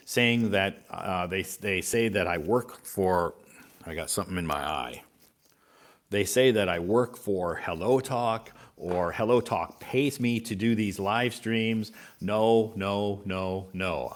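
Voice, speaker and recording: Deep-voiced male English teacher, easygoing live-stream chat, repeats points to reassure viewers. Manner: relaxed, repetitive, reassuring.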